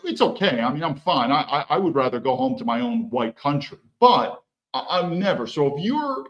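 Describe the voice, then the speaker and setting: A man delivers a heated, profane solo rant to his stream audience. His pitch swings widely and sits a bit high for a man, and he often stumbles and restarts his sentences. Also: low-quality recording. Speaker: livestream commentator. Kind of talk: solo political commentary stream.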